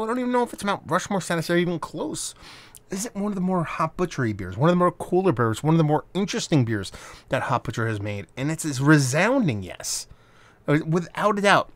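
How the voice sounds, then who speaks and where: A man's voice: fairly high pitch, dry recording. A man reviewing a beer on camera in a casual, rambling way, swearing now and then. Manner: animated, rambling, swears freely.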